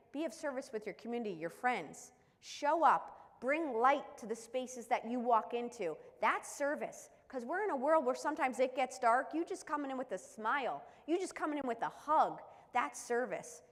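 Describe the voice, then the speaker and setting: A woman's voice: high voice, big-room sound. A woman who works as a mental skills coach, giving an emphatic motivational talk full of rhetorical questions. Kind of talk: motivational live-stream talk.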